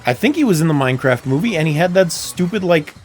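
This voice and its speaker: Streamer chatting away mid game, lively up and down voice, laughs a lot, low game music behind. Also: fast talker. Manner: chatty, talks to self, laughs often. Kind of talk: casual livestream chat while gaming.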